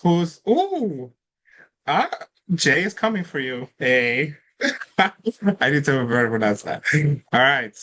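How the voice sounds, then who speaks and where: Hosting an online trivia event where players join through chat, this man has a fairly high, very animated voice that is pushed and bright. He goes slowly, pauses often, and laughs a lot while chattily reading out questions and scores.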